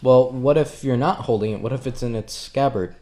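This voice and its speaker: A man voicing a laid-back, blunt young male companion in a tabletop game, talking in a flat, offhand way. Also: medium pitch, fairly quick, lightly acted.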